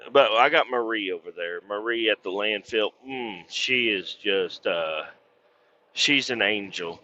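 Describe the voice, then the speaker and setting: A man's voice: on the low side, slow pace, pushed and bright, muffled recording, a little hiss or hum. Profane, rambling truck-driving man. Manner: profane, rambling storyteller with mimicked voices. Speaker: truck driver vlogger. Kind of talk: casual rambling vlog while driving. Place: inside a truck cab.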